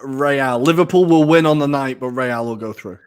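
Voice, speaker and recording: A man, co-hosting a podcast with excitable, jokey football banter. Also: medium pitch, moderate pace, smooth. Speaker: podcast co-host. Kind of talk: casual football chat.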